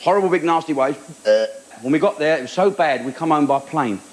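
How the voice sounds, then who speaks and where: A man's voice: a little high, animated, a little fast, poor audio. A man telling chatty, cheeky stories as a stand-up comedian and acting out the voices, recorded live in a theatre. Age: 40s. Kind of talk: stand-up storytelling.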